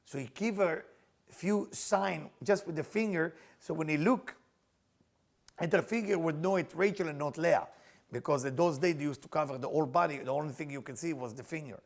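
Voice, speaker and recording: A middle-aged man teaching, retelling a story in an animated, emphatic way with non-native grammar. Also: fairly high pitch, fairly quick, creaky. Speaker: Kabbalah teacher. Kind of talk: storytelling lesson.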